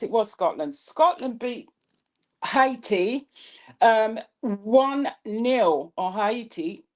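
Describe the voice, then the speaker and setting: Slow, measured woman co-host. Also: medium pitch, darkish tone. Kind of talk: live-stream political commentary.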